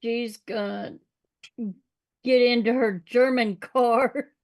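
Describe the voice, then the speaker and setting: A woman playing a tabletop game, explaining her moves in a measured way. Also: fairly high pitch, fairly even intonation, darkish tone. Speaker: player.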